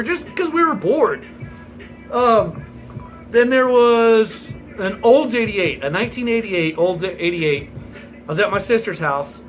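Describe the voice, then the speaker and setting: A man's voice: high voice, fairly bright tone, low-quality recording. A man in his forties telling a rambling, profane story in a casual vlog, laughing as he goes. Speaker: vlogger.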